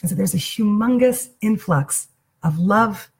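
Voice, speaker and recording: A woman's voice: medium pitch, expressive, a little slow, creaky, darkish tone, breathy edge. A woman giving a reflective spiritual teaching that weaves in a personal story. She speaks in an earnest, intimate way and often rephrases and repeats herself.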